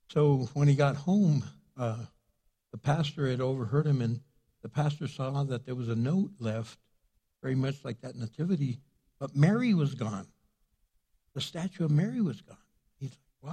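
A man's voice: mid-range voice, normal speed, long pauses, warm tone, slightly rough. An older man preaching a sermon as pastor, telling stories in a chatty way and laughing at his own jokes.

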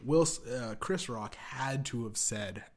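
A man's voice: medium pitch, measured pace. A man hosting a podcast, riffing in casual, rambling comedic commentary with lots of swearing. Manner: rambling, profane, acts out quoted voices. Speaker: podcast host.

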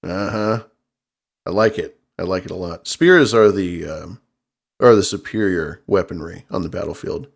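A man's voice: low voice, moderate pace, gravelly. A man co-hosting a casual livestream chat, swearing freely and cracking puns. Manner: profane, joking, punning. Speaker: co-host.

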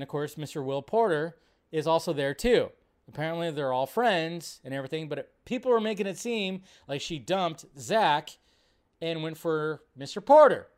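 A male host of a casual live stream, talking in a somewhat high voice. He rants loosely about whatever comes up, swears freely and slips into exaggerated mocking voices. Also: clean tone. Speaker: show host.

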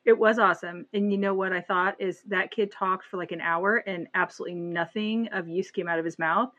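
A woman's voice: fairly low pitch, brisk, muffled recording. A woman co-hosting a podcast, retelling scenes in casual chat and acting out the voices of the people she describes. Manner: animated retelling, acts out voices. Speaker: podcast co-host.

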